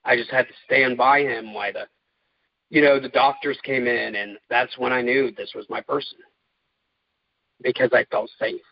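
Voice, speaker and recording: A man speaks candidly in an interview, halting and heartfelt, full of fillers and restarts. His voice sits at an ordinary pitch. The sound is dry and a little muffled. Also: steady tone, dry recording. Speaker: guest, caregiver.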